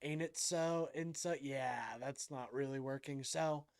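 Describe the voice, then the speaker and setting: Guy streamer reacting to a clip, slow and mocking, talks his thoughts out loud. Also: medium pitch, steady tone, clean tone. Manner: incredulous, mocking, thinks aloud. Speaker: livestream host.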